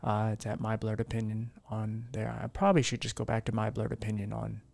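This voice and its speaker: Male podcast host at home, candid and rambling, gravelly voice in a dry room, worn down. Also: on the low side, steady tone, a little fast, a little mellow, no echo. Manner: rambling, candid, with frequent fillers and restarts. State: low-spirited and worn down. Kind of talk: candid solo podcast chat.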